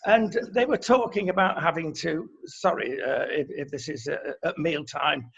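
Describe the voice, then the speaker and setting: A man's voice: fairly high pitch, normal speed, creaky, slightly rough. A man with a Manchester accent co-hosting an opinion chat, blunt and indignant, with many fillers. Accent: Mancunian. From England. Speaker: co-host. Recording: dull lo-fi sound.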